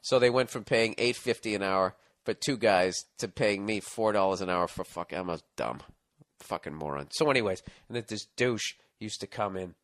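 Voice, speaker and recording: A lowish-voiced middle-aged man speaks at a moderate pace on a dry recording. Hosting a casual podcast, he reads a listener's advice letter, ranting, telling stories and swearing a lot along the way.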